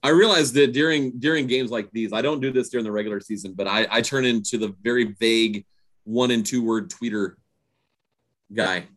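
A man's voice: medium pitch, a little fast, a bit bright. A man co-hosting a podcast in casual sports chat, stammering and self-deprecating, laughing easily. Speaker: podcast co-host.

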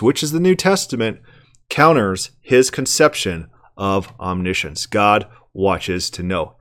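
A man commenting on a sermon clip, emphatic and argumentative, asking rhetorical questions and often repeating words. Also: medium pitch.

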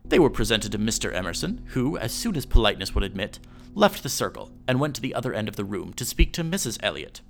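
Guy reading an old tale on his podcast, raspy low voice, faint music under it. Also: very animated, fast talker, a bit bright. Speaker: podcast host reading old newspaper stories. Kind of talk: reading aloud an old story.

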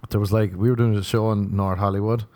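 Irish man, comedian, low mellow voice, dry close sound, rambling profane stories. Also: level tone, fast, no echo. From Ireland. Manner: profane, playful storytelling with mocking quoted voices. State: sunburnt. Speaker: comedian podcast host. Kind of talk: casual rambling podcast monologue.

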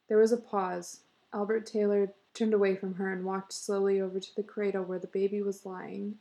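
A woman reads a story aloud in a measured, expressive way. Her voice is gravelly and mellow, with a medium pitch. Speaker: reader.

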